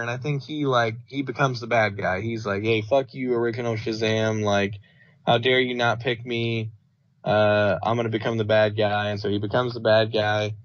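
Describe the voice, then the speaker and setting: A man's voice: mid-range voice, a bit bright, dry recording. Rambling man in a dull dry recording. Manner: rambling, filler-heavy, retells scenes with quoted voices. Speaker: podcast co-host. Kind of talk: casual movie review chat.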